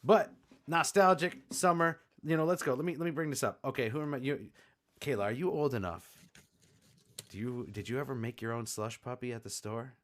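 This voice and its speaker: A man's voice: mid-range voice, brisk. A man co-hosting a podcast in rowdy, hyper banter, cracking jokes and swearing often. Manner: hyper and excitable. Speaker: podcast co-host.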